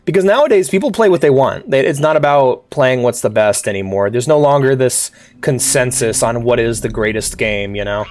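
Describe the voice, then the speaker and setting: Streamer with a cough, voice jumps all over, shouting at the game. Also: mid-range voice, normal speed, hardly any pauses. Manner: animated, yelps and shouts at the game character. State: sick, coughing. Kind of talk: casual live gameplay commentary.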